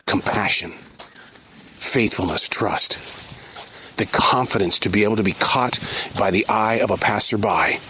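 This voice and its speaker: A middle-aged man hosting his own show, speaking in an earnest, halting, reflective way while out in a forest. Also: fairly low pitch, bright, forceful tone, a little hiss or hum, rough recording. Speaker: podcast host. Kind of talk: reflective spoken monologue. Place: outdoors in a forest.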